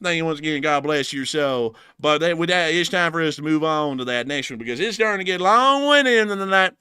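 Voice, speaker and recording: A hollering, folksy Southern redneck mechanic, as a man puts him on with a broad, exaggerated drawl. The voice sits high and bright with a sharp edge, and it comes across clean and smooth. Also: a little fast, no room sound, clean studio sound. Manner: hollering, folksy, laughs at own jokes. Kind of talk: comic bit on a livestream show.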